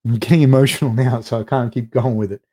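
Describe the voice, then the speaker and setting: Middle-aged guy on a livestream, warm mellow voice, swears a lot, rambles through chat comments. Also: mid-range voice, fairly even intonation, fast talker. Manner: loose, profane, rambling with many fillers. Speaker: host of a live fight recap show. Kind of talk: casual live-stream chat reading viewer comments.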